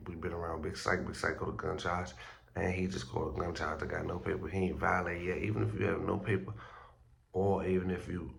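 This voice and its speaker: A man's voice: a bass voice, gravelly, fairly bright tone. A man hosting a street news vlog, talking in a loose, slangy, profane way with stumbles, groggy as if just woken up. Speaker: street news blogger host. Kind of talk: casual vlog commentary.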